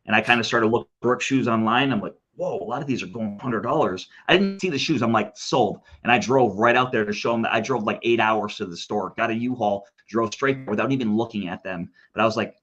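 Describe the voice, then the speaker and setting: A man with a lowish voice speeds through a rambling, animated story, quoting other people as he goes. His audio comes through dull and lo-fi, as if over a remote call. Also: fast, hardly any pauses. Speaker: guest. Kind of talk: casual interview talk.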